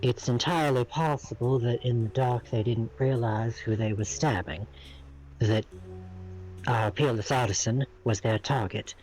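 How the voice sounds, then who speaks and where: Guy doing a serious officer of the law, low steady voice, very proper. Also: measured pace, soft background music, close to an everyday voice, low-quality recording. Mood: grave. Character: calm, formal officer of the law.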